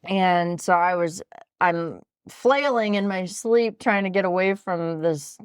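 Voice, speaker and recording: A woman's voice: on the low side, slow, clean tone, no room sound, clean studio sound. A woman in a casual podcast conversation, telling a story with frequent restarts and bits of laughter. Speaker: podcast guest, host's sister.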